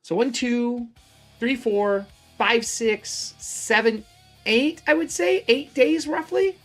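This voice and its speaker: A man's voice: very high voice, slow pace, soft background music. A man playing a tabletop game solo, narrating casually and thinking aloud as he counts supplies and swears freely.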